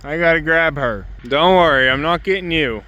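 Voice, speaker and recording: A homesteader vlogger with a fairly high voice talks casually to his chickens and dog in the coop on a winter day, at a moderate pace. His tone is gentle, coaxing, and soothing. There's no echo.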